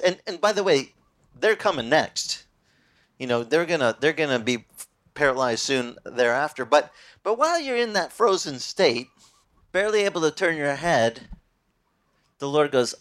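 Male pastor, sermon, conversational, slightly high voice with big swings in pitch. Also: moderate pace. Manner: animated, conversational, with repeated restarts.

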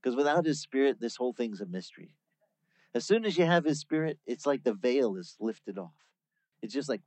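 A man preaching a sermon, teaching through a Bible passage in a lively, conversational way. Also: on the high side, normal speed, dry recording. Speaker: pastor.

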